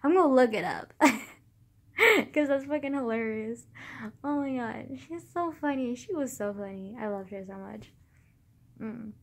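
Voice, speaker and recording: A woman's voice: on the high side, unhurried, pauses often, a bit bright. A young woman in her late teens rambling casually to camera in a vlog, full of "like" and loose swearing. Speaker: vlogger.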